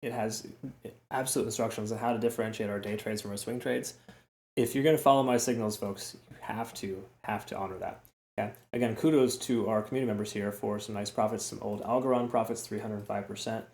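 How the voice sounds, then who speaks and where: A man's voice: lowish voice, steady tone, brisk, a little mellow. A man hosting a casual crypto chart analysis, chatty and repetitive, often tagging lines with "okay?" and "right?". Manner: chatty, repeats words, frequent "okay?" and "right?" asides. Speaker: crypto trading host. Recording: roomy echo.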